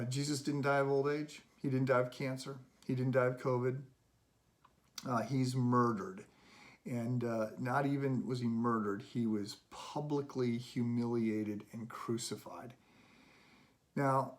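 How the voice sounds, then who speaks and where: Middle-aged male pastor, earnest and conversational, mid-range voice, restarts often. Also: mid-range voice. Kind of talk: devotional sermon.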